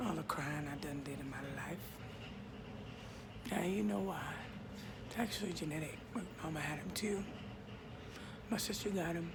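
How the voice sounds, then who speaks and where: A slow, unhurried man in his thirties with a gravelly, fry-edged voice, musing in a casual vlog. He slides often into soft half-whispers as he talks into a phone. The outdoor recording carries clear background noise. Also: fairly high pitch. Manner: laid-back, drifting into soft half-whispers. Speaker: vlogger.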